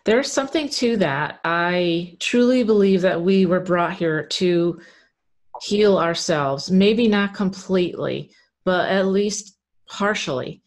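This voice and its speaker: Woman, podcast host; earnest, open, conversational, a touch low-pitched. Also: slow. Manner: earnest, enthusiastic, candid. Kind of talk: conversational interview.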